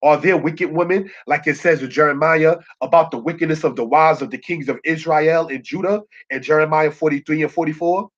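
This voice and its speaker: A man teaching a Bible lesson in a preacherly way, often checking with his listeners and slowing down to spell out Hebrew words. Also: a little high. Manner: preacherly, keeps asking "You understand?". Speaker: Torah teacher. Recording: muffled lo-fi recording.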